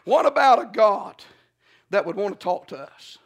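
A man's voice: high-pitched, sing-song, moderate pace. A man preaching a sermon in a rhythmic, emphatic way, often adding "uh" and "amen" between phrases.

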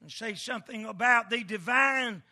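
A man's voice: extremely high pitch, moderate pace, pushed and bright. A man preaching a sermon in a rhythmic cadence, building into fervent refrains and chanting repeated phrases.

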